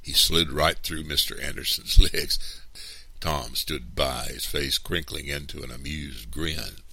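Very deep-voiced man reading a story. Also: measured pace, breathy edge, no room sound. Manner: lively, animated storytelling. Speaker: storybook reader. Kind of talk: expressive read-aloud narration.

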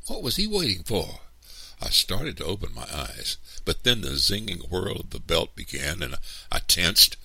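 A man reads a story aloud in a very deep, gravelly voice. His delivery is lively and animated, with a bright, crisp edge, and it sounds close and dry. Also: dry recording. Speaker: storybook reader. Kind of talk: expressive read-aloud narration.

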